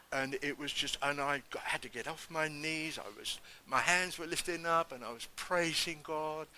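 A man preaches his testimony in a very bright, somewhat high voice. He tells the story emphatically and acts out the lines of others with wide swings in pitch. Faint noise sits behind him. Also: rough recording. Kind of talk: sermon testimony.

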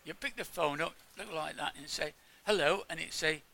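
A man's voice: fairly high pitch, a little fast, creaky, pushed and bright. An older man from England giving an informal sermon, chatting with his congregation and asking them questions. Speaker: preacher.

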